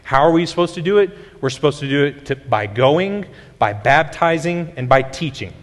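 A man's voice: on the high side, expressive, moderate pace. Pastor guy giving a sermon, chatty teaching vibe, lots of restarts, big echoey church. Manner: conversational teaching with many restarts and fillers. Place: church sanctuary. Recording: long hall reverb.

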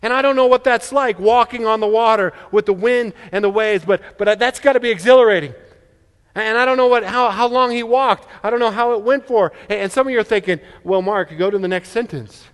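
High-voiced preacher in an echoing hall. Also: male voice, a little fast, clear, resonant tone. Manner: earnest, frequent stammered restarts. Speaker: pastor. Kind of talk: sermon. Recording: long reverb of a large hall.

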